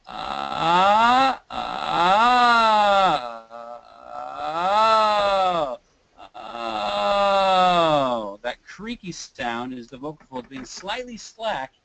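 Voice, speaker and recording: This man's medium-pitched voice comes across a bit bright through poor audio. He's a Kansas City-area voice teacher casually running a webinar, demonstrating exercises with moaning, sighing, creaky sounds and short sung phrases.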